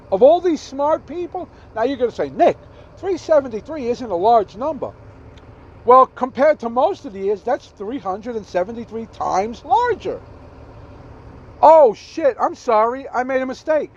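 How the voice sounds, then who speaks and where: A man's voice: extremely high pitch, expressive, normal speed, dull audio. A man giving an emphatic, repetitive political rant as a vlogger, swearing now and then and stumbling over his numbers.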